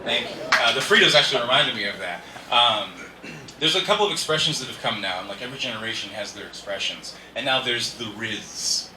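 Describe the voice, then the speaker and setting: A man's voice: medium pitch, expressive, a little fast, pushed and bright. A man doing a rambling, self-deprecating stand-up comedy set on a club stage. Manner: rambling, self-deprecating, chatty asides to the crowd. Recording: echoey room, from far off, faint noise.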